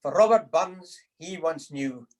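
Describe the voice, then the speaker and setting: Poor audio captures a slightly mellow, higher-pitched male voice moving at a measured pace. Giving the toast to the lassies at a supper over video call, he tells after-dinner jokes, voices the quotes, and chuckles at his own punchlines.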